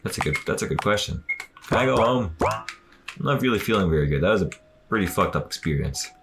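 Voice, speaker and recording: A man's voice: fairly low pitch, fast talker, noisy background. A man streaming a video game, joking and swearing through casual commentary. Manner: joking, swearing, animated reactions. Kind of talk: casual let's-play commentary.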